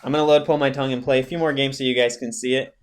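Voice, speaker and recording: Male host, relaxed and easygoing, casual chat. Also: medium pitch, racing. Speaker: podcast host.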